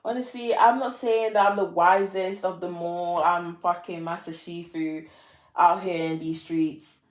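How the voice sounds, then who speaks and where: A woman's voice: fairly low pitch, fairly even intonation, a little slow, echoey room. A young woman talking to camera in a dramatic, self-mocking confessional monologue, repeating lines for effect. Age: young adult. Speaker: vlogger.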